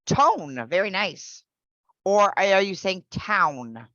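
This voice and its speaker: Slow, patient woman teaching over a dull call. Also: mid-range voice, lively intonation, fairly bright tone, dry recording. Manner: patient, explains slowly with repeated examples. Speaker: English pronunciation teacher. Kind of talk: online class teaching.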